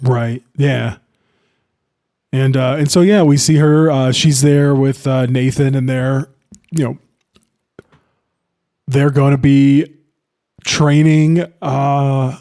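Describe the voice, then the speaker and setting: A man's voice: mid-range voice, steady tone, takes it slowly, long pauses, mellow. A young man co-hosting a podcast, chatting loosely about a film and swearing often. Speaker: podcast co-host. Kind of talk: casual film discussion.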